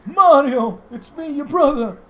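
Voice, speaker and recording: A man putting on a shrill, squeaky voice for the excitable plumber brother from a cartoon game, yelling and swearing. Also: measured pace, heavily acted. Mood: shrill outrage.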